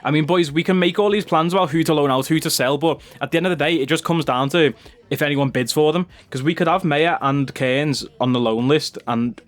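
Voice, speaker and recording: A young man commenting casually on his football career game, easily excited and breaking into high disbelief. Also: fairly quick. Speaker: gaming YouTuber.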